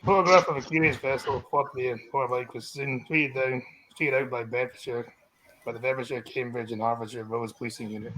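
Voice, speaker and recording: A Scottish man reads news stories aloud on a casual live stream. He curses freely, stumbles and restarts his lines, and talks at a middling pitch. A faint hiss runs under the voice. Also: fairly even intonation, brisk, fairly bright tone, rough recording. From Scotland. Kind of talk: casual livestream chat, reading news aloud.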